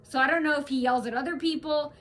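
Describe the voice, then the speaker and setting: A woman's voice: high voice, fairly even intonation, fast, a bit bright. A woman venting in a casual, rambling vlog rant, restarting her sentences and stressing her points. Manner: rambling, restarts often, emphatic. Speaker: vlogger.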